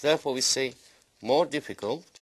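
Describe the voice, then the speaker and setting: A man who speaks Kurdish natively, teaching English grammar by slowly repeating and drilling word forms. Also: mid-range voice, husky. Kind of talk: language lesson.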